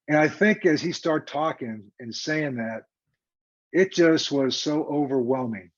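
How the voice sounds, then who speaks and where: Husky older man telling a story. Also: fairly high pitch, measured pace. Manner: animated, emphatic, conversational. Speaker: guest, retired football coach. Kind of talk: casual storytelling interview. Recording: dull lo-fi remote audio.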